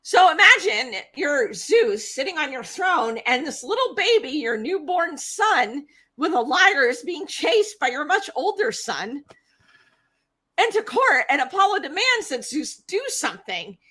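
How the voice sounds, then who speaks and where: A woman co-hosting a podcast, retelling myths in a casual, animated way and acting out the characters. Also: high-pitched. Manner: animated retelling with acted-out voices. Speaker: podcast co-host. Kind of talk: casual storytelling.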